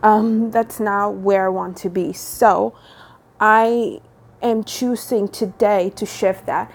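A woman's voice: mid-range voice, steady tone, slow, creaky. A young woman talking candidly to her viewers from home, rambling with many fillers and ending up encouraging. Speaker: vlogger. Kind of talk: casual personal talk to viewers.

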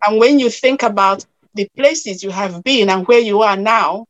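A woman's voice: medium pitch, normal speed, no room sound, poor audio. A woman minister, weeping as she speaks, encourages someone with repeated, prayerful phrases.

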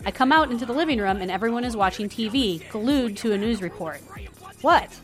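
A woman's voice: on the high side, fast talker, faint music behind. A woman co-hosting a casual podcast, reading stories aloud and chatting playfully with frequent laughter. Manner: animated, laughs often, playful.

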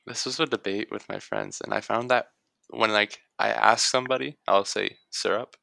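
Brief: low, gravelly male co-host with a bright, sharp tone, thoughtful and dry. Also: steady tone, normal speed, no room sound. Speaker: podcast co-host. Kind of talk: casual chat.

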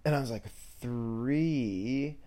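A young man in his twenties rambles through a podcast story, scatterbrained and jokey, piling on fillers. His voice is warm and mellow at a middling pitch. He leaps up high whenever he quotes somebody else. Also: moderate pace. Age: 20s. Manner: animated, jumps into high voices when quoting others. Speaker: podcast host. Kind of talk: casual storytelling monologue.

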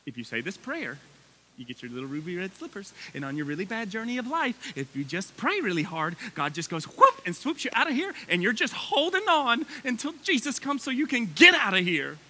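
Excitable high-voiced preacher man. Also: a little fast, a little hiss or hum. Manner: energetic, voice climbs high when excited; casual asides to the congregation. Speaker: pastor. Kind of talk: sermon.

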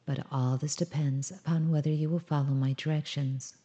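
Hoarse wise old lady owl, a woman doing her, hushed and knowing, low dark voice, storybook. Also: fairly even intonation, moderate pace, lo-fi sound, close to an everyday voice.

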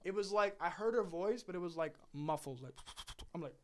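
A man's voice: high voice, animated, fairly quick, a little hiss or hum. A young man telling rambling, swear-filled stories in a casual chat, laughing through them. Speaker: podcast host.

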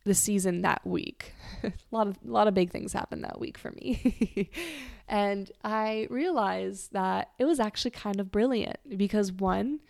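A woman's voice: mid-range voice, measured pace, creaky, darkish tone, no echo, studio quality. A woman podcast host telling a personal story in a candid, casual way, swearing freely and trailing off and restarting as she talks.

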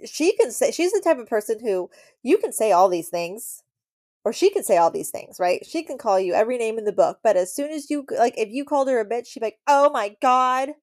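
A woman's voice: on the high side, mellow, no room sound, clean studio sound. A woman co-hosting a casual chat show, talking in a rambling, indignant way with many restarts. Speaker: podcast co-host.

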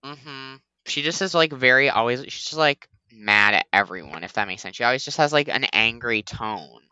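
Bright-voiced man hosting a chatty podcast. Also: medium pitch, expressive, normal speed, smooth, dry recording, lo-fi sound. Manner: rambling, heavy use of "like". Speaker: podcast host. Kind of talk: casual chat.

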